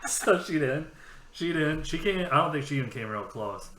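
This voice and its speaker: A man co-hosting a podcast in casual chat, telling profane, animated stories and laughing often. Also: fairly high pitch, normal speed, reverberant. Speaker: podcast co-host.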